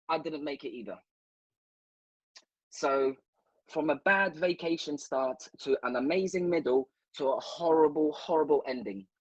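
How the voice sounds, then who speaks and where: Husky man rambling through a story. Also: on the high side, a little slow, dry recording, poor audio. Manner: rambling, playful storyteller who addresses listeners directly. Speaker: guest. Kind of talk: casual anecdote telling.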